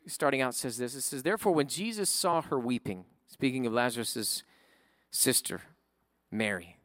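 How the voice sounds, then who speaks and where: A man preaching a sermon in a conversational way, often checking in with his listeners with a quick "right?". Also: medium pitch, no room sound, studio quality. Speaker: pastor.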